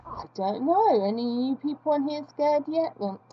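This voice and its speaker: A woman's voice: sits high, lively intonation, normal speed, lo-fi sound. A young woman chatting casually while she draws, rambling and poking fun at herself. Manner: rambling, self-mocking chatter. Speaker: art vlogger. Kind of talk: casual chat while drawing.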